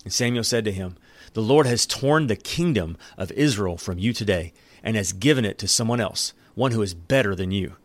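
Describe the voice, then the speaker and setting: A man's voice: fairly low pitch, expressive, no room sound. Earnest male preacher, dry close sound. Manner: earnest, emphatic, with dramatic pauses. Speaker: pastor. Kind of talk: sermon with scripture reading.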